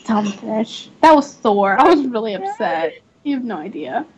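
A young woman hosting a livestream, chatting casually while gaming, giggly and quick to apologize. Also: a little high, big pitch swings, muffled recording, background noise. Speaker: livestream host.

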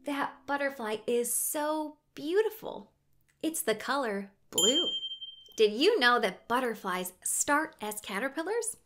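Hosting a toddler show outdoors, a young woman talks and sings in a lilting way, gasping and coaxing the children with questions. Her voice is high, sing-song, unhurried and slightly bright. There's a little hiss or hum, and a ukulele plays beneath her.

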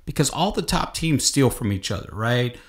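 Animated male sports podcast host. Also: medium pitch, normal speed. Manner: animated, rising to exclaiming rants. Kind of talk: casual sports podcast chat.

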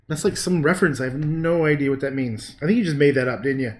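Painting live on stream, this man keeps up a casual, profane, joking chat with his audience, answering their comments and cracking himself up. His voice sits at medium pitch and moves at a moderate pace.

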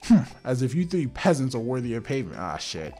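A man's voice: mid-range voice, big pitch swings, fairly quick, warm tone, soft background music, natural voice. A man voicing a vain, pompous noblewoman who speaks with haughty scorn in a video game. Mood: disdainful.

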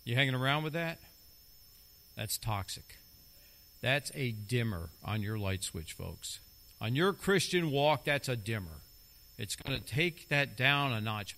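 A man's voice: medium pitch, expressive, measured pace, creaky, pushed and bright. A middle-aged man preaching a sermon as a lay preacher, talking emphatically and repeating key phrases for stress.

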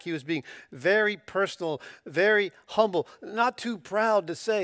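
A man preaching a sermon as pastor, in a conversational, emphatic way, using casual slang and restarting his phrases, rising sharply when excited. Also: high-pitched, measured pace, hardly any pauses, no room sound, studio quality.

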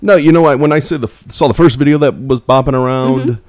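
A man's voice: mid-range voice, quick pace, darkish tone, no room sound. A man co-hosting a casual chat, offhand and joking.

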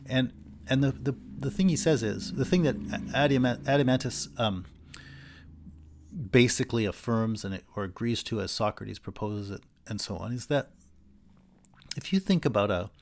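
A man speaks at normal speed in a mid-range voice during a recorded university philosophy lecture. His delivery is conversational, full of fillers and restarted sentences, and he performs example voices with animation.

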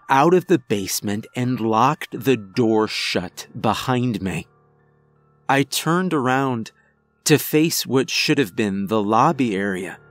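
A man narrating a first-person horror story in a measured, grave scripted delivery. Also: mid-range voice, dry recording.

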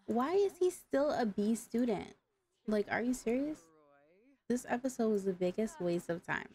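A woman's voice: mid-range voice, mellow, husky. A woman giving casual gameplay commentary, exasperated and talking back to the characters on screen. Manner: exasperated, talks to the game characters. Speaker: gaming YouTuber.

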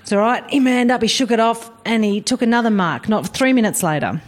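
A middle-aged Australian woman, a guest on a chat show, telling comic stories about coaching junior football in a lively, wry way and laughing often. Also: fairly high pitch, brisk. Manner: animated storyteller, wry, laughs often, acts out voices. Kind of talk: casual chat, comic anecdotes.

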